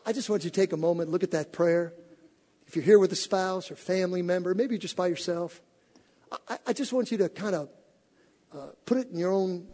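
A male pastor preaching a sermon, telling stories with animated delivery and acting out voices. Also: high voice, long reverb tail. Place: church sanctuary.

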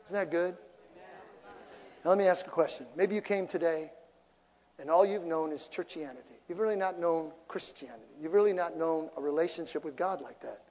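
A male pastor with a notably high voice preaches in church, lively and playful, throwing in jokes and asides to the congregation. His voice rings out with a long reverb tail from the sanctuary. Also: a little fast. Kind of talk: sermon.

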